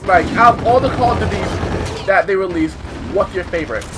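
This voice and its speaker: A young man giving casual, excitable commentary while playing a shooter game, swearing often and yelping when hit. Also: high voice, a little fast, over music. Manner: excitable, swears a lot, yelps at hits. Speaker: gaming YouTuber. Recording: game noise under the voice.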